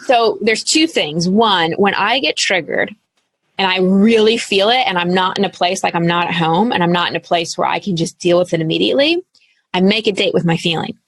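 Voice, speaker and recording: A woman in her thirties, a coach speaking as an interview guest, telling her story in an earnest, animated way with casual fillers. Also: lowish voice, brisk, no echo. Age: 30s. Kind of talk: candid interview talk.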